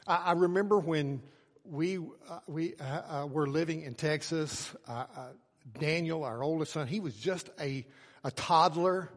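A middle-aged man delivers a sermon with a storyteller's swing, sinking to hushed low phrases before rising to loud, emphatic words. His voice sits a bit high for a man. A long reverb trails behind him in a large church hall. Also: a little slow. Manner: storytelling preacher, swings from soft low lines to loud shouts. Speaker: pastor.

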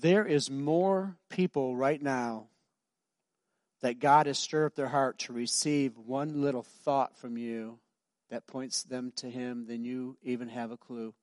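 Casting: middle-aged male pastor, emphatic conversational sermon, mid pitch, dry close sound. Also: fairly even intonation, takes it slowly, darkish tone, dry recording. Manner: emphatic, repetitive, conversational storytelling.

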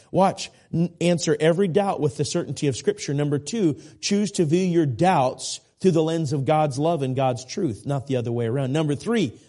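A man's voice: on the high side, warm tone. A man in his forties preaching a sermon as a guest preacher, earnest and repetitive, with folksy asides and self-deprecating jokes. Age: 40s.

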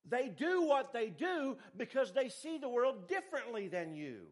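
A man preaches a sermon. He swings between emphatic, raised lines and hushed, low asides. His pacing is lively and conversational. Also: normal speed. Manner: animated preaching, pitch and volume rising and falling widely. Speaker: pastor.

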